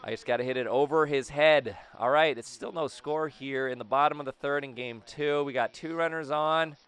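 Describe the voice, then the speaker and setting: Hyped young man, bright crisp voice. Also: medium pitch, moderate pace. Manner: hyped, talks to himself and the game. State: slightly raspy throat. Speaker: gaming video host. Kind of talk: excited gameplay commentary.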